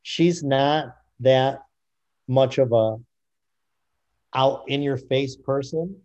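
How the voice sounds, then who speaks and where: A middle-aged man speaking candidly as an interview guest, halting with frequent restarts. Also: mid-range voice, a little mellow, highs cut off. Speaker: guest, author.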